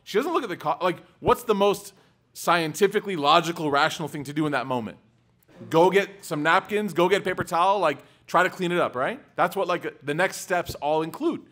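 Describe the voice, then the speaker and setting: A man with a fairly high voice speaks to a live audience, telling personal stories with lively energy. His talk is casual and full of fillers. He keeps asking his listeners questions as he makes his points. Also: a little fast. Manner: animated storyteller, quizzes the audience. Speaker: religious speaker. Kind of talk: lecture with anecdotes to a live audience.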